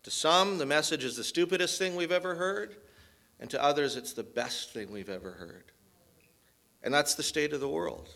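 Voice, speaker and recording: Guy pastor preaching a sermon, kinda high voice, earnest and punchy. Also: lively intonation, normal speed, gravelly, bright, forceful tone. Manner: earnest, emphatic, rhetorical questions. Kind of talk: expository sermon.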